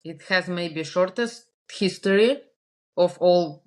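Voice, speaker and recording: A woman's voice: on the low side, slow pace. A woman from Russia, a native Russian speaker with a Russian accent, chatting as a podcast guest, laughing often and restarting her sentences. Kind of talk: casual interview chat.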